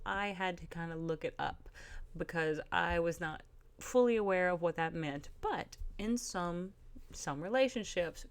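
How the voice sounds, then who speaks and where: A woman giving a casual spoken book review, earnest and careful, often pausing with um and restarting her sentences. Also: lowish voice, smooth.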